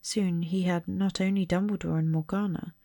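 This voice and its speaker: Soft gravelly woman reading a story. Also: fairly low pitch, steady tone, no echo, studio quality. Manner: soft, slow, partly whispered. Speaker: storybook reader.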